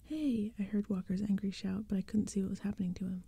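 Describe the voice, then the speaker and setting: Whispered role-play reader: woman, husky, warm whisper, close mic. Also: mid-range voice, monotone, fast talker, dry recording. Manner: soft, breathy whispered reading. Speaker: ASMR storyteller.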